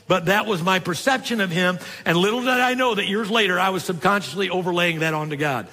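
Older male preacher, bright voice in a hall. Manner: conversational storytelling preaching, drops low and soft for tender points. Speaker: pastor. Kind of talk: sermon.

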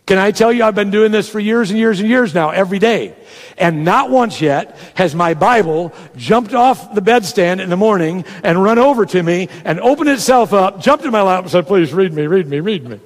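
A man preaches in a conversational, teaching way, walking the congregation through a method and acting out each step. His voice sits a little higher than most men's. A long reverb from a large church hall trails after his words. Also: animated, normal speed. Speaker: pastor. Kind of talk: sermon.

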